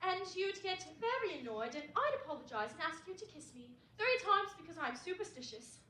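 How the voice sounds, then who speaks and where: A woman's voice: extremely high pitch, big pitch swings, bright, forceful tone, exaggerated voice. A young woman in a school stage play, playing a flamboyant, gushing actress who speaks in a theatrical way. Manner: theatrical, gushing, drawn-out vowels. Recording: echoey auditorium, faint hiss.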